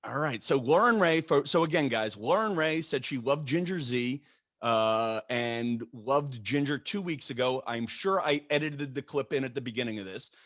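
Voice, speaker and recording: A man hosting a casual podcast over a remote call, talking in a halting way with many stumbles and restarts. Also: mid-range voice, lively intonation, fairly bright tone, dry recording. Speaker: podcast host.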